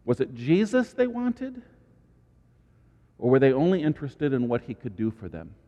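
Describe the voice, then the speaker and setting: A man preaching a sermon as pastor, animated, with dramatic asides and sudden high exclamations. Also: moderate pace, in a large hall, dull audio.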